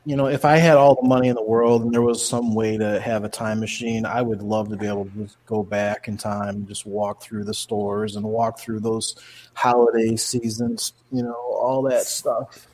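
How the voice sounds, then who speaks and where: A man's voice: lowish voice, level tone, normal speed, darkish tone, a little hiss or hum. A man co-hosting a podcast in casual chat, rambling with lots of fillers and restarts. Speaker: podcast co-host.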